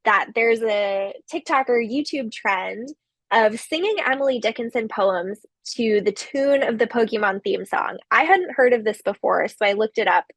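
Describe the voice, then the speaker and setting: A woman giving a recorded literature lecture, explaining slowly with occasional fillers. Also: fairly high pitch, fairly bright tone, no room sound.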